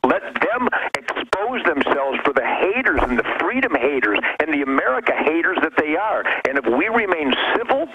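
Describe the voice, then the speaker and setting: A man phoning into a talk show, his fervent, preachy delivery swinging from low rumbles to high peaks. His fairly high voice comes through a dull, muffled phone line with clear hiss behind it. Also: sing-song, moderate pace, hardly any pauses. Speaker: caller-in guest. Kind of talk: fervent call-in commentary. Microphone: telephone.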